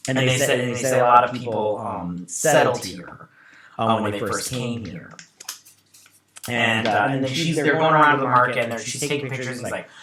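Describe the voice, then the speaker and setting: A man's voice: medium pitch, moderate pace, reverberant. Guy rambling thru an episode recap, um and uh everywhere, crowd noise behind. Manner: rambling, many fillers and restarts. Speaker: show host. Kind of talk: casual episode recap review.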